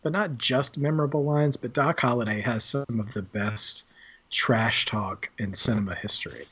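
A man's voice: mid-range voice, normal speed, sharp tone, breathy edge. A man co-hosting a podcast, chatting casually about a film in a rambling way with many fillers and restarts. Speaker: podcast co-host. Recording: dull lo-fi sound.

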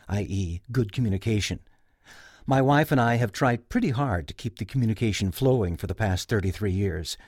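A man's voice: lowish voice, a little mellow, no room sound. Middle-aged guy narrating his own story, wry and reflective, voice bounces around a lot, dry sound. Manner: reflective, wry, clearly articulated. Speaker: podcast host.

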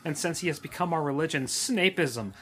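A man co-hosting a casual drinking podcast, loud, crude and rambling. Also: fairly high pitch, brisk. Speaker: podcast co-host.

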